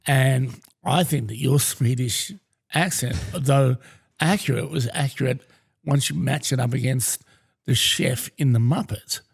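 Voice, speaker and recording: A man co-hosting a podcast, speaking in a measured, articulate way with dry humour. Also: mid-range voice, gravelly, slightly rough. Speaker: podcast co-host. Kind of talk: casual podcast chat.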